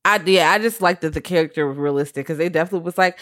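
A woman co-hosting a casual film discussion, lively and profane, jumping into high voices for quoted characters. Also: racing, no room sound, clean studio sound.

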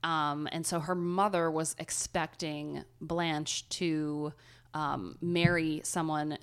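Woman, Cleveland accent, nasal, low-ish voice, casual podcast storytelling. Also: level tone, slow, smooth. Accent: Cleveland, Ohio. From Ohio, USA. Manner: chatty, swears casually, nasal vowels. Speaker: podcast co-host.

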